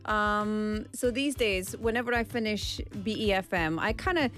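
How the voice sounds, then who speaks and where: A woman's voice: medium pitch, normal speed, a bit bright. Bubbly female radio host, music behind. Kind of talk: casual radio chat.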